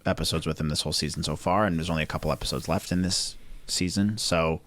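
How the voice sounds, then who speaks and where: A man's voice: a bass voice, steady tone, quick pace, a bit bright, no room sound. A man co-hosting a podcast, chatting casually, rambling and checking in with "right?". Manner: rambling, self-correcting, with tag questions. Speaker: podcast co-host. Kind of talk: casual chat.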